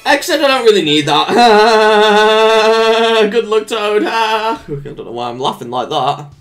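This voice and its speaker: A let's play commentator giving casual gameplay commentary, humming little made-up tunes, cooing at the game characters like pets and letting out sudden excited yelps and laughs. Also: medium pitch, normal speed, music in the background. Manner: hums little made-up tunes while playing.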